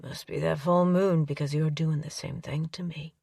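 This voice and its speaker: A woman narrator voicing a tender male ex-soldier rancher, talking in a slow, low drawl. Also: steady tone, gravelly, warm tone, slightly rough, no room sound, studio quality, distant mic, heavily acted.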